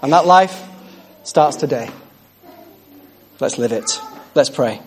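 A man's voice: mid-range voice, animated, slow, slight background noise. A man preaching a sermon with exuberant energy, repeating phrases for emphasis and calling out in joy.

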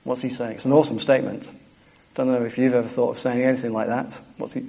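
Male preacher, sermon, earnest, emphatic repetition, mid-pitched voice. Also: flat delivery, fast talker, creaky, mellow, breathy edge. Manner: earnest, repeats key phrases for emphasis.

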